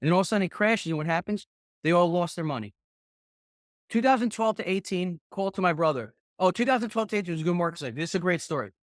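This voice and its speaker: A middle-aged man coaching a group call on real estate investing, rambling and excitable, swearing often. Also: sits high, fast talker, no room sound, studio quality.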